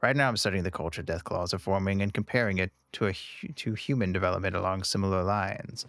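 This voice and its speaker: A man voicing a calm, courteous male scholar who speaks in a measured, lecturing way. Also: low voice, dry recording, clean studio sound, voice pushed down.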